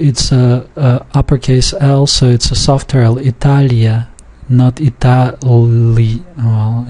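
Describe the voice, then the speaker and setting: A man teaching a recorded language lesson, reading example words aloud and explaining the rules deliberately. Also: mid-range voice, a little mellow.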